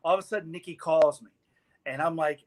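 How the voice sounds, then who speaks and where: A man, a guest on a talk show, telling an animated story and acting out the people in it. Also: fairly high pitch, fast talker. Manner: lively, laughing, acts out the people in his story. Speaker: guest sponsor representative.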